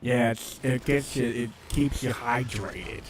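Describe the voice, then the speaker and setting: A laid-back man co-hosting a casual chat. He chimes in with short, easygoing replies and quick asides. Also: medium pitch, fairly even intonation. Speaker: co-host.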